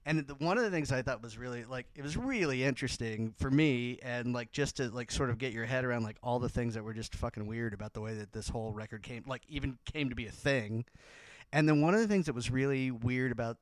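A man's voice: mid-range voice, fast, no echo. A man hosting a casual music podcast who rambles, restarting sentences and filling them with "like". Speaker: podcast host.

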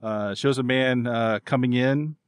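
A man narrating as game master of a tabletop game, relaxed, with many fillers and chuckles. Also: medium pitch, unhurried, smooth, dry recording.

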